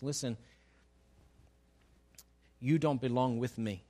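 A man's voice: on the high side, moderate pace, long pauses. A man preaching a sermon, who reads scripture and acts out its dialogue with playful humor. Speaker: pastor.

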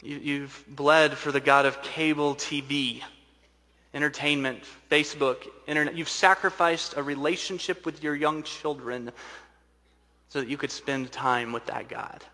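A man preaching a sermon as pastor, swinging between booming emphasis and hushed, intimate asides. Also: fairly even intonation, unhurried. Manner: dynamic preaching, shifting from loud to hushed. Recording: large hall with long reverb.

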